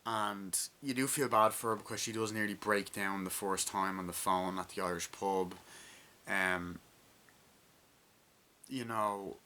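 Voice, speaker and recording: A man giving a casual, rambling movie review, full of excitement, swearing and fillers. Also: fairly low pitch, measured pace, long pauses. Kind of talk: casual spoken film review.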